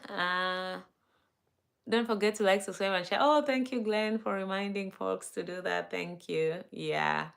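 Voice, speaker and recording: A woman's voice: medium pitch, measured pace, gravelly. A woman hosting a casual live stream, greeting viewers by name and reading their comments aloud.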